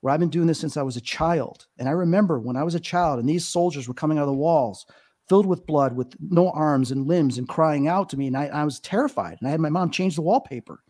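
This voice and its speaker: A man's voice: on the high side, fast, a little mellow. A man in his fifties, a guest on a podcast interview, telling stories in an earnest, emotional way with many fillers. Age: 50s. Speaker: psychic medium guest.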